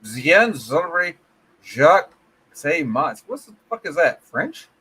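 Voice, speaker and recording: A man chatting as a guest on a livestream, crude and teasing, swearing without a second thought. His pitch jumps around a lot. His voice sits a touch high for a man. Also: sing-song, slow pace, pushed and bright, husky. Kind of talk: casual group chat.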